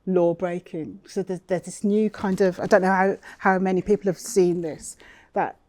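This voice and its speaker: A woman moderates a panel conversation with a lowish pitch and a mellow tone. She builds her questions haltingly, pausing and searching for the right words. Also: steady tone. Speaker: interviewer, academic.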